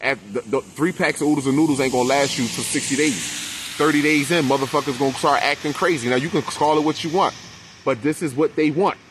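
A man's voice: a little high, fairly even intonation, a little fast, background noise. Profane, preachy man ranting. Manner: profane, preachy, addresses his people. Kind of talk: impassioned conspiracy rant.

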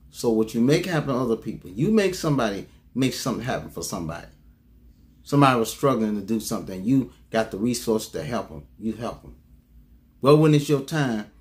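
Delivering a sermon in a somewhat mellow voice, a man repeats his main lines, summons responses from the congregation, and leaps abruptly in pitch to stress his points.

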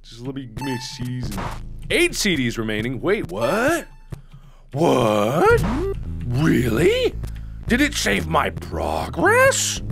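Panicky, yelling game-commentary man. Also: mid-range voice, takes it slowly, gravelly, over music. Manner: excitable, panicky, often yelling; self-mocking, talks to himself. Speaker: let's-play host.

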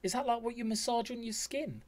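A man's voice: extremely high pitch, fairly quick, noisy background. A man gushing through cheeky, camp reaction commentary. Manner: camp, cheeky, gasping and squealing. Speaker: reaction video host.

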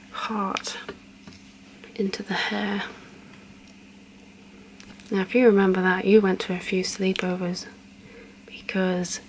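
A young woman in a whispered role-play, chatting softly and counting slowly as she does a friend's hair. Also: mid-range voice, slight background noise, rough recording. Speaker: ASMR creator.

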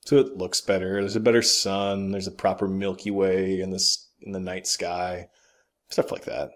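Man, low voice, blunt podcast co-host, opinionated, swears casually. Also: level tone, normal speed. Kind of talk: casual chat about games and movies.

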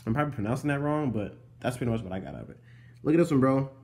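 A man's voice: mid-range voice, expressive, racing, creaky, darkish tone. A young man talks casually through his handwritten notes and keeps calling the listener bro. He spells words out letter by letter. His voice sits in a middle register. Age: young adult. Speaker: vlogger teaching Hebrew letters. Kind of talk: casual show-and-tell explanation.

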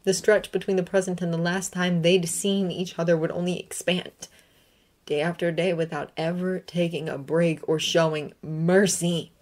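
Low-voiced woman reading a story. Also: steady tone, normal speed, darkish tone. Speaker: reader. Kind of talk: emotive reading of a fanfiction story.

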